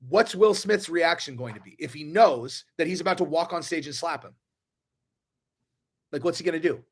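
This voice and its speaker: A man's voice: fairly high pitch, moderate pace. A man ranting on a live stream, profane and rambling, restarting his sentences often. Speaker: online commentator.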